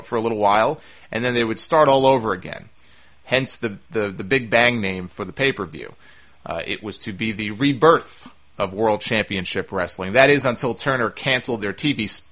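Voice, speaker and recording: A podcast host with a medium-pitched, bright voice and forceful tone answers listener mail in casual conversation. He often says "uh" and restarts his sentences.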